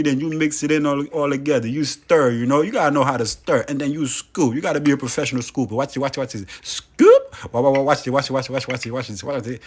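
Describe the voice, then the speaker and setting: A man giving playful, hyped casual commentary over a cooking video, talking straight to viewers. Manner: playful, hyped, chatty with frequent "boom" and "you know".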